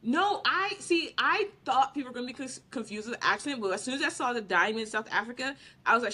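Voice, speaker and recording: A woman's voice: a little high, big pitch swings, fairly quick, few pauses, sharp tone, slightly rough. A woman co-hosting a podcast in casual chat, giving her opinions with emphatic confidence. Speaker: podcast co-host.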